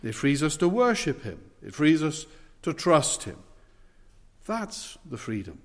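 A man preaching an expository sermon in a measured, earnest way, leaning hard on key words. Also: on the high side, very animated, in a large hall.

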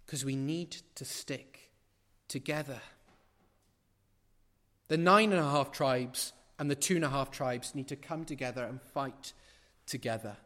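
Man, preacher, sermon, emphatic rises and quiet asides, rhetorical questions, slightly high pitch. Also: in a large hall. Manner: builds to loud emphatic peaks, then drops to quiet asides. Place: large church building.

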